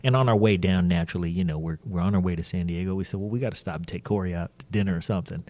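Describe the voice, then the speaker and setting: A man's voice: sits low, racing, a little mellow. A man hosting a podcast, telling stories in casual chat, laughing often and swearing casually. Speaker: podcast host.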